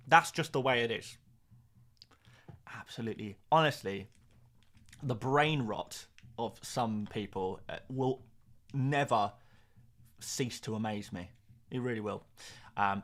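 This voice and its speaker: A man's voice: mid-range voice, a bit bright. A young man hosting a live fantasy football stream, talking casually in a rambling, sarcastic way.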